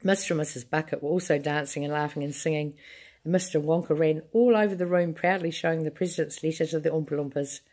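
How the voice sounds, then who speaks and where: A woman reads a children's chapter book aloud to a child, unhurried and expressive. Her voice sits very low for a woman. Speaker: storyteller reading to a child.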